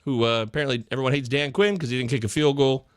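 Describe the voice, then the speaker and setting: A man hosting a live fantasy football chat in a jokey, excitable way, jumping from loud bursts to muttered asides. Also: medium pitch, quick pace, smooth, dry recording, clean studio sound. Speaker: podcast host.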